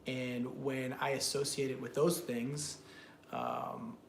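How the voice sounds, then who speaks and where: Male co-host, mid pitch, hesitant conversational answers, echoey room. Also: little pitch movement, takes it slowly, vocal fry, a little hiss or hum. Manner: hesitant, thinks aloud with fillers. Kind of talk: casual conversational chat. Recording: echoey room, faint ambience.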